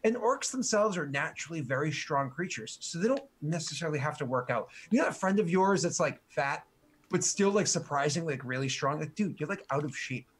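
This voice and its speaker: A man's voice: a little high, animated, fairly quick, slightly rough. A man narrating as game master, rambling with many fillers and restarts.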